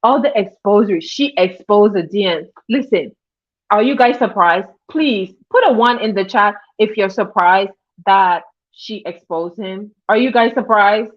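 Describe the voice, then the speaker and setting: A woman's voice: mid-range voice, unhurried. A woman hosting a livestream in casual commentary, chatty, greeting viewers by name as she talks. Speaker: livestream host. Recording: dull lo-fi stream audio.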